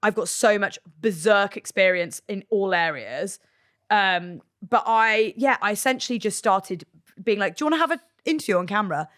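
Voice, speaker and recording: A woman in her thirties, chatting on a podcast in an easy, sweary way. Her voice sits mid-pitched and ordinary, and she rushes through stories in quick bursts. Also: expressive, fairly bright tone. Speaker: podcast guest, presenter. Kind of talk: casual chat.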